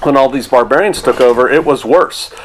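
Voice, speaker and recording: A man's voice: medium pitch, a little fast, low-quality recording. A middle-aged man, a pastor, preaching a sermon in a conversational, rambling way with rhetorical asides.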